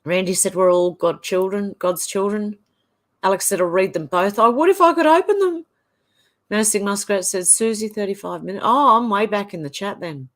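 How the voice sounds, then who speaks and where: An Australian woman hosts a livestream, reading viewers' comments aloud one after another and tossing in short offhand remarks. Her voice is medium-pitched, fairly even in intonation, at normal speed.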